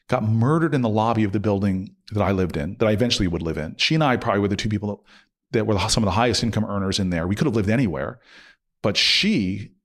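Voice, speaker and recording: A middle-aged man, a guest on an interview show, telling a long personal story in an animated way and acting out what people said. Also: on the low side. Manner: animated, acts out quotes with laughs. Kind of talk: conversational storytelling.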